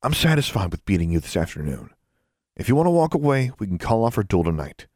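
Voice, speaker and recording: A man's voice: on the low side, very animated, fast talker, a little mellow, no room sound, clean studio sound. A man playing a smug teen wizard rival, Larry. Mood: flat. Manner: condescending, smug.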